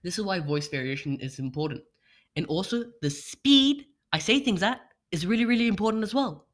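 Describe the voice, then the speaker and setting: A man's voice: sits high, animated, fairly quick, fairly bright tone. A young man presenting a workshop on an online call, explaining speech practice with rhetorical questions and demonstrating voice changes. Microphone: computer mic without webcam.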